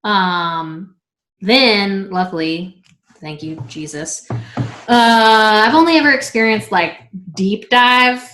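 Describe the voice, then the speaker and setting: Her mid-range, somewhat bright voice takes things slowly as the vlog host in her thirties chats about herself under interview. Giggles, trailing thoughts, and plenty of filler words fill the casual talk, and the room echoes.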